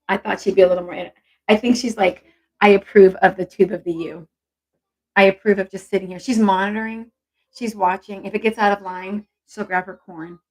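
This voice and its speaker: Woman w/ a breathy husky voice, casual encouraging chat on a live stream. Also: medium pitch, darkish tone, low-quality recording. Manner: chatty, encouraging, reads viewer comments aloud. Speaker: intuition coach hosting a live stream.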